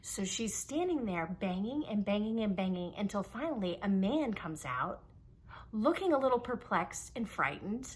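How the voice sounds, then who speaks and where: A woman casually telling a story to camera, animated and exasperated, acting out the people she quotes. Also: mid-range voice, normal speed, slightly rough. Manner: animated, acts out quoted voices. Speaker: vlogger.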